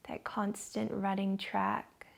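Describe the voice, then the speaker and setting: A female yoga teacher guides a gentle class through breathing and poses, speaking slowly and soothingly in a flat, monotone delivery. Her mid-range voice carries a gravelly, vocal-fry edge, and she records at home in her living room.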